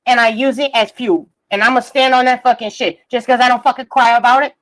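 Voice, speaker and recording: A woman with a high voice rants on her live stream. She swears constantly, mocks people by name and reads messages aloud between sharp jabs. Her talk is blunt and combative. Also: fairly even intonation, a little fast. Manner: profane, combative, mocking. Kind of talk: ranting live stream commentary.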